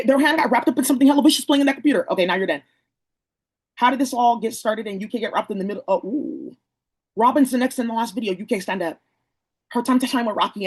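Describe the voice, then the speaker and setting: A speaker from the San Francisco Bay Area delivers a rapid-fire monologue straight to the camera. The voice is husky and a little rough, and the delivery runs at a hurried clip. It sounds like an accusatory rant, loose and rambling, peppered with slang and curses. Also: medium pitch, a little mellow, rough recording.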